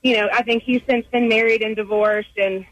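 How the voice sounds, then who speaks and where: A woman calling in to a morning radio show, telling her story in a relaxed, chatty way. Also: a little high, fairly quick, dry recording, low-quality recording. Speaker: caller. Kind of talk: call-in chat.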